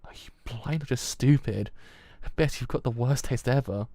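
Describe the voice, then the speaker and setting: A man's voice: medium pitch, normal speed, dark tone, no room sound, lightly acted. A man with a British accent voicing a young woman who has turned vain and cruel, in a haughty, sneering way. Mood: scornful.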